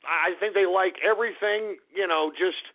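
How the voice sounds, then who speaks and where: A man hosting a radio show, ranting loudly and swearing in a strained, hoarse voice. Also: high-pitched, moderate pace. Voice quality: strained, fading voice. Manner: loud, profane and exasperated. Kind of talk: ranting call-in radio talk. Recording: phone-like lo-fi radio audio.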